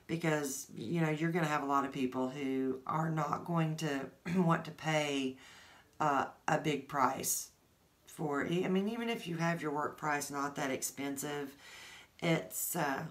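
A woman's voice: low-pitched, a little slow. A woman hosting her art channel, chatting casually to viewers with many fillers and restarts. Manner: rambling, warm-hearted, many fillers. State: teary, choked up.

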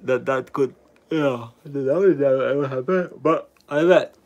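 Slow-talking, laid-back male streamer. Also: medium pitch. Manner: relaxed, chatty, reading out viewer comments. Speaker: live stream host. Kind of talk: casual live chat with viewers.

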